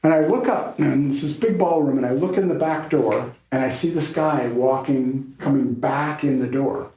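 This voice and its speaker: A man, a podcast guest and keynote speaker, telling a story in a lively way and laughing now and then. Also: mid-range voice, moderate pace, few pauses, roomy sound, heavy background noise.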